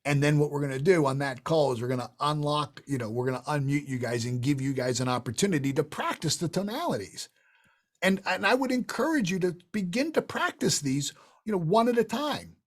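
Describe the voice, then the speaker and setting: A middle-aged man leading an online sales training session, talking emphatically and shifting his tone to show examples. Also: on the high side. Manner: animated, emphatic, demonstrates tonalities with quick voice shifts.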